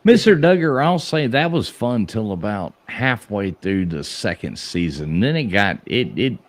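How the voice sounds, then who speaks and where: A man with a deep voice that swings widely in pitch, chatting casually on a talk show. He jokes, curses freely and laughs often. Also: sing-song, unhurried, dry recording. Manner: joking, laughs often, profane. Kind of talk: casual chat.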